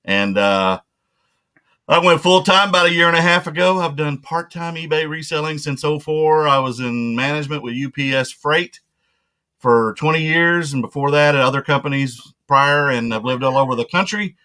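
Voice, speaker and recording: A man's voice: a little high, normal speed, bright, forceful tone. A middle-aged man from Central Texas, a guest talking about himself in a plain, matter-of-fact way. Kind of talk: casual interview chat.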